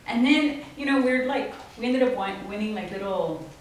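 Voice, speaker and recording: A woman tells animated stories, laughing often and slipping into the voices of people she quotes. She sits back from the mic in a very echoey room, and a faint hiss runs under her voice. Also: mid-range voice, normal speed, far from the mic. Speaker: guest artist. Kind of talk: storytelling talk. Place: small office event space.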